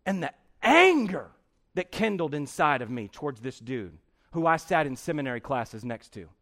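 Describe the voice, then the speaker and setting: A middle-aged male preacher with a high, gravelly voice delivers a sermon. He tells his story with lively acted-out moments and bursts of shouting. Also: moderate pace. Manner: animated storytelling, acting out scenes with shouts. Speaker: pastor.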